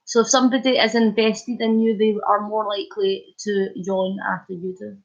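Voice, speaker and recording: A Scottish woman from Scotland hosting a live stream, chatting playfully with viewers and telling animated stories. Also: medium pitch, moderate pace. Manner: chatty and playful, reads comments aloud, animated storytelling. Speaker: livestream host. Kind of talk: casual live-stream chat. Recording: dull lo-fi stream audio.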